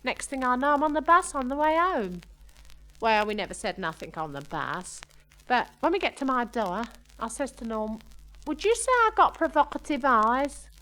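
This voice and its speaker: In a heavily acted, sing-song voice pushed up high, a woman plays a gossipy young working-class woman telling a comic tale in ungrammatical cockney chatter such as "I says" and "we done." She speaks at a moderate pace with a bright, forceful tone over poor audio.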